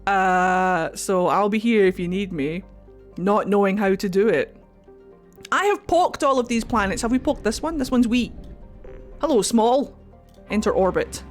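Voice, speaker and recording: A woman's voice: mid-range voice, unhurried, faint music behind. A Scottish woman streaming a video game, chatting casually with viewers, joking and swearing freely. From Scotland. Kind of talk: casual live-stream commentary.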